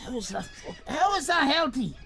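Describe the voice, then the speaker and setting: An Irish man livestreaming, shouting and swearing in a comic rant. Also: very high voice, big pitch swings, normal speed, creaky. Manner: loud, profane ranting and shouting; comic exasperation. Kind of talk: live stream chat.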